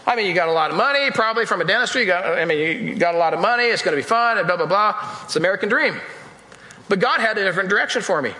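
A high, bright, forceful male voice races through an emphatic church sermon, full of animation. The pastor repeats phrases and addresses the congregation head-on, while the hall's echo trails off in a long reverb.

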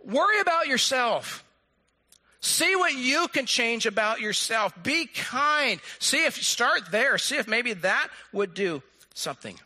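A man preaching a sermon to his congregation, swinging from animated, acted-out lines down to a soft hush. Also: very high voice, slow pace. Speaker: pastor.

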